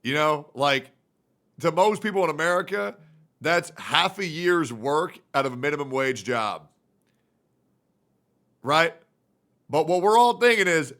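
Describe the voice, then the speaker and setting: A man streaming live, reacting loudly and swearing as he talks to his chat and works things out aloud. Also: on the high side. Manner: loud, profane, thinks out loud and talks to chat. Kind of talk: casual livestream reaction.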